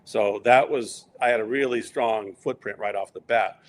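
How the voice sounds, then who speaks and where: A middle-aged man telling long, rambling stories in a relaxed interview, acting out quoted lines along the way. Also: on the low side, normal speed, a little hiss or hum. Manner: rambling anecdotes with quoted asides. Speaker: interview guest. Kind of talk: casual storytelling.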